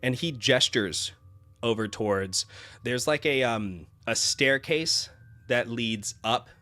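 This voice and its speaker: A man's voice: mid-range voice, slow, bright, forceful tone, no echo. A man narrating a tabletop game as game master in a casual manner, with many fillers.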